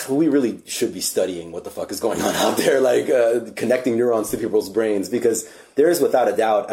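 A man hosts a podcast in a relaxed chat. His voice sits a little low and he muses out loud, swearing casually. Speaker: podcast host.

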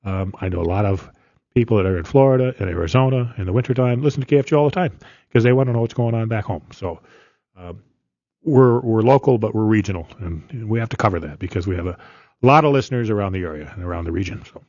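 Older man, lowish voice, plainspoken and rambling, dry studio, slightly muffled. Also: lively intonation, fast talker, mellow, no room sound. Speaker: longtime radio news guest. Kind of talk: casual radio conversation.

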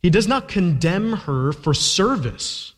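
A male pastor delivers an emphatic sermon in a slightly high voice, pressing his listeners with rhetorical questions. His words carry a long reverb from a large hall. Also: very animated, takes it slowly.

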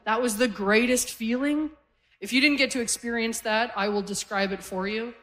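A woman's voice: fairly high pitch, steady tone, normal speed, a bit bright. A woman in her forties from Canada doing a stand-up set on stage, telling stories in a conversational way with punchy one-liners. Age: 40s. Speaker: stand-up comedian. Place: comedy stage before a live audience.

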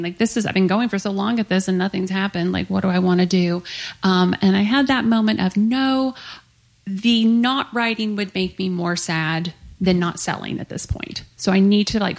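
A woman's voice: mid-range voice, gravelly. A woman author in her thirties, chatting animatedly in an interview, filling with frequent "like"s. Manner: chatty, animated, lots of "like" fillers. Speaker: author guest. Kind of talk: casual interview chat.

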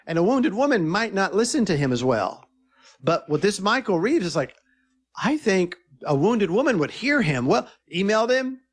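A middle-aged filmmaker guest with a fairly high speaking voice tells stories in a conversational interview. Earnest and animated, he frequently backs up and restarts his sentences.

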